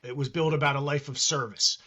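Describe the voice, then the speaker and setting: Bright, earnest man talking. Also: medium pitch, fairly even intonation, fairly quick. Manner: earnest and reflective, acts out quoted voices. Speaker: guest wrestling trainer. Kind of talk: casual interview talk.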